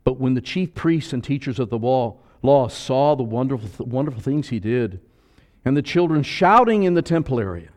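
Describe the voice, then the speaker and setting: A male pastor preaching a sermon, swinging between loud emphasis and soft asides, with joking comments along the way. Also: medium pitch, lively intonation, moderate pace.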